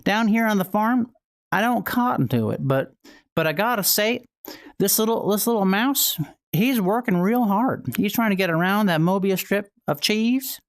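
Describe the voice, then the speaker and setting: A woman's voice: mid-range voice, animated, normal speed, dry recording, clean studio sound, voice pushed up, lightly acted. A woman streamer voicing a cheery, homespun Southern ranch hand with a put-on Southern drawl and folksy exclamations. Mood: folksy cheer.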